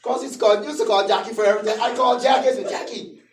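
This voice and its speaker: A man, an apostle, telling his faith testimony to a congregation in an animated storytelling manner, laughing often. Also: very high-pitched, rapid-fire, over music. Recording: echoey room from a distant mic.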